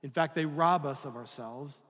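Recorded with a long reverb tail, this man's voice is fairly high and a bit bright, moving at a moderate pace. He's a pastor giving a conversational sermon, asking the congregation questions and sometimes performing different voices.

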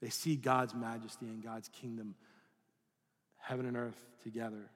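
A man's voice: mid-range voice, flat delivery, normal speed, a bit bright, long reverb tail. A male pastor giving a sermon in a conversational style, asking the listeners questions and sometimes acting out voices. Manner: conversational preaching with rhetorical questions and acted-out voices.

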